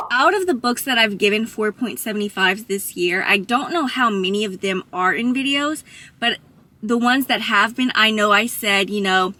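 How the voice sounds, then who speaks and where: A woman's voice: medium pitch, normal speed, bright, forceful tone. A woman chatting casually about books on her vlog, emotional and talking straight to her viewers. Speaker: book vlogger. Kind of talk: casual book review chat.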